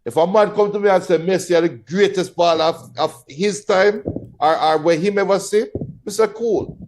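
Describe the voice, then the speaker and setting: A man with a Jamaican accent co-hosts a casual football watch-along. His voice is a bit high for a man, and he pushes back hard, cutting in with strings of quick objections. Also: a little mellow. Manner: argumentative, cuts in with rapid no-no-no objections. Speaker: football show co-host.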